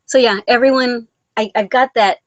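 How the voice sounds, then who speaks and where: A woman's voice: a little high, steady tone, normal speed, no echo, muffled recording. A woman of Mexican origin hosting a casual live vlog, reading out viewer comments in a rambling, sentimental, self-deprecating way. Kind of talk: casual live-stream chat.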